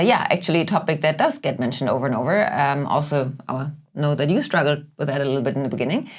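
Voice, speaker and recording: A woman hosting a casual chat, speaking in a measured way with hesitant fillers. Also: fairly low pitch. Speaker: host.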